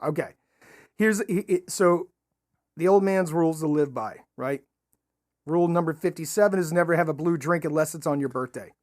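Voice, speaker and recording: A podcast co-host in casual chat, playful and quick to laugh while bringing up odd foods. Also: mid-range voice, a little mellow, no room sound, studio quality.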